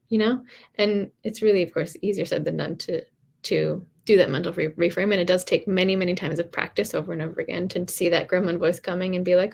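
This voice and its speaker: A woman vocal coach giving a casual, encouraging live talk, chatty and quick to laugh. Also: on the low side, fairly even intonation, gravelly, a little mellow, breathy edge.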